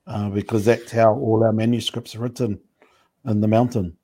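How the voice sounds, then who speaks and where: A man talking in a relaxed, thoughtful way during a casual discussion, pausing often with fillers. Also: on the low side, slightly rough. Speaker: panel speaker.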